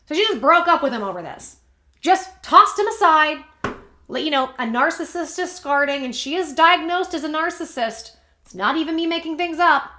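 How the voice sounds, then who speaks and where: A woman with a bright, crisp voice pitched a little high recaps online gossip for her channel. She talks in a chatty way, full of fillers and wry asides. Her voice rings off the walls of a roomy, echoey space. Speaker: commentary channel host. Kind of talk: gossip commentary, reading and reacting. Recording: echoey room.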